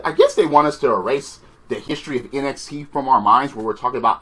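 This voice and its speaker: A man's voice: mid-range voice, fast talker, few pauses, a bit bright, slightly rough. A man giving a profane, sarcastic, exasperated rant reviewing a wrestling show.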